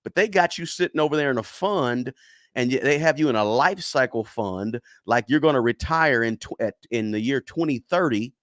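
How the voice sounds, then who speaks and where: Emphatic man with lively, dry voice. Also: medium pitch, normal speed, no echo. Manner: emphatic, repeats words for stress, frequent "right?". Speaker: personal finance YouTuber. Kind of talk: casual talk to camera.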